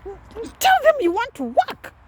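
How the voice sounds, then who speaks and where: An indignant old grandmother scolds in sharp, high exclamations, as a woman puts her on. She is proud and will not hear of handouts. Her voice jumps up high in disbelief. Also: wildly swooping pitch, takes it slowly, slight background noise, exaggerated voice.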